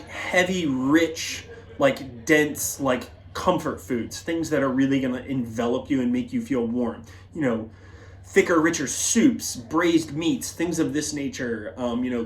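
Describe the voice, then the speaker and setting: Chatty man hosting a wine tasting. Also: medium pitch. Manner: chatty, loose, lots of fillers and asides. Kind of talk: casual tasting talk. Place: wine bar.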